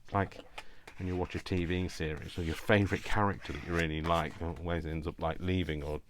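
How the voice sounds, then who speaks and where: Man, very deep voice, rambling craft vlog chat, faint background hiss. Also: little pitch movement, a little fast. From not from Yorkshire, lives there now. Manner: rambling, chatty, self-deprecating asides. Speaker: crafting vlogger. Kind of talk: casual chat while crafting.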